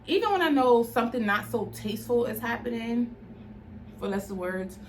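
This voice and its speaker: A woman, talking straight to camera about her faith in an open, conversational way. Her voice sits a little high, and she leans on "like" as she talks. A light room ambience hums faintly under her. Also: animated, normal speed, slight background noise. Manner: candid, conversational, heartfelt, with frequent "like" fillers. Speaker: vlogger. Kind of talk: personal testimony vlog.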